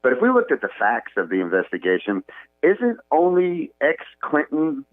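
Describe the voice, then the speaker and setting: A man calling in to a radio talk show, speaking haltingly over a phone line. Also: medium pitch, wildly swooping pitch, no echo. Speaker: caller. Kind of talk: call-in radio comment.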